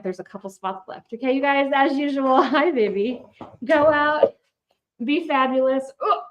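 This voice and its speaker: A woman's voice: high voice, poor audio. An older woman, a shop owner and grandmother, chatting casually on a livestream and slipping into sing-song baby talk with her grandkids. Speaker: furniture painting shop owner.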